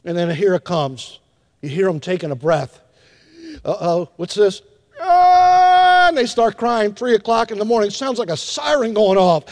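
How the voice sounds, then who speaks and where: An older man preaching a sermon as pastor, animated, acting out little scenes with hushed asides and drawn-out emphasis. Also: sits high. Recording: long hall reverb.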